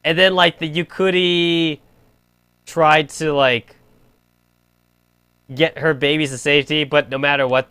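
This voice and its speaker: A man's voice: a little high, takes it slowly, pauses often, sharp tone, clean tone, no echo. A young man streaming a game, rambling in crude casual chat full of filler "like". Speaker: gaming streamer.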